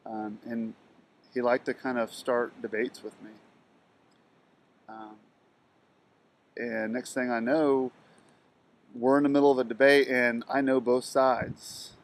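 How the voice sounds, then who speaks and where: Flat-voiced man telling a story. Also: medium pitch. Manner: halting, with frequent ums and restarts, flat delivery. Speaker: video blogger telling a personal story. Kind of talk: personal monologue.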